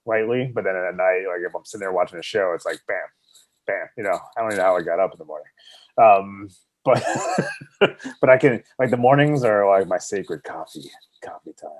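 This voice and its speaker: A man chats casually as podcast co-host, easygoing and quick to laugh. His voice sits on the low side and sounds dry, right up on the mic. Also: no echo. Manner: laid-back, laughs often. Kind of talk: casual chat. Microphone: own mic at home, remote call.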